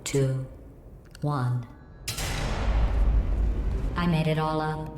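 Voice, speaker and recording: GLaDOS, a cold mocking AI. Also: female voice, sits low, extremely slow. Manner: deadpan, mocking, coldly polite. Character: sarcastic, cruel female AI computer. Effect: synthetic robotic voice filter. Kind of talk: video game voice acting. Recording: echoey game audio with ambient hum.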